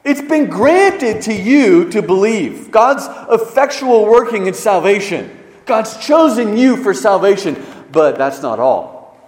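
A man preaching a sermon as pastor, swinging between loud emphasis and hushed, low stresses. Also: sing-song, takes it slowly. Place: church sanctuary. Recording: echoey church hall.

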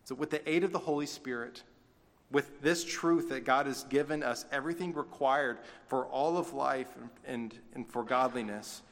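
A man's voice: medium pitch, normal speed. A man delivers a sermon in an easy, conversational way, slipping in folksy asides. His medium voice rings out with the long reverb of a church sanctuary. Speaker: pastor.

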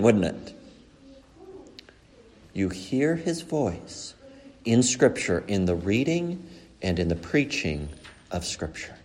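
A male pastor preaching a sermon earnestly, climbing to emphatic peaks and dropping low and slow for key points. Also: a little mellow.

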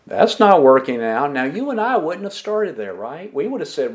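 A pastor preaching a sermon, asking the congregation questions and repeating their answers back. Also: male voice, fairly high pitch, moderate pace, hardly any pauses. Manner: emphatic preaching with lively rises and drops.

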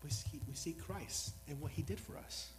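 Soft music plays behind a man giving a sermon on a low-quality recording, his voice a little high and his speed normal. As a lay preacher new to this congregation, he's earnest and rambling, often putting himself down.

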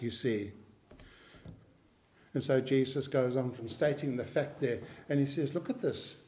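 Slow and emphatic, a man preaches a sermon, repeating key phrases and clearing his throat now and then. His voice is mid-range with a darkish tone.

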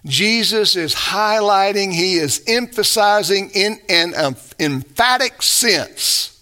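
A man's voice: high voice, animated, takes it slowly, few pauses, bright, forceful tone. A man preaching a sermon, earnest and emphatic, building to rising bursts. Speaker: pastor.

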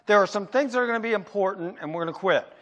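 A man preaching a sermon as pastor, asking rhetorical questions and answering them himself, slowing down to stress his points. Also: high-pitched, fairly bright tone, big-room sound. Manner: emphatic, slows down to stress points.

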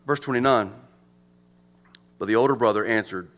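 A male pastor with a high, bright voice delivers a sermon. His pitch swings widely, and he moves from emphatic lines to hushed ones. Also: sing-song, moderate pace.

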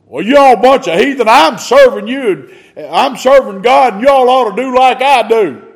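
A man's voice: very high voice, expressive, normal speed, gravelly, voice pushed up, exaggerated voice. A man preacher voicing a boastful, cocky male apostle who brags about his own faithfulness. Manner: brash, bragging.

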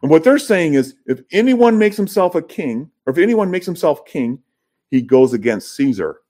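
A man's voice: fairly high pitch, big pitch swings, normal speed, dark tone. A man preaching an expository sermon to his congregation, building to emphatic peaks. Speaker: pastor.

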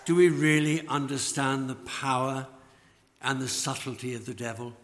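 A man preaching a sermon, slow and emphatic, letting phrase ends fall away. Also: mid-range voice, fairly even intonation, fairly bright tone. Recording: long church reverb.

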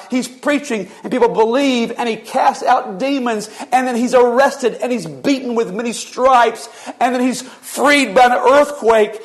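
High-voiced man preaching a sermon. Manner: vivid storytelling, retelling scripture as narrative. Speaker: pastor.

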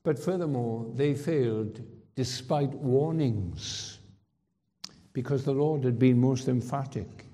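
A man's voice: mid-range voice, slow pace, mellow. A man preaching a sermon, emphatic, with rhetorical questions and repeated phrases. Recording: long hall reverb.

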